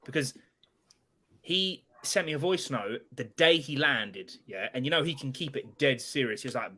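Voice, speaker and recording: Lively swearing British man. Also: mid-range voice, moderate pace, breathy edge. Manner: loud, swearing, laughing banter. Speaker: host. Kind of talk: casual live-stream chat.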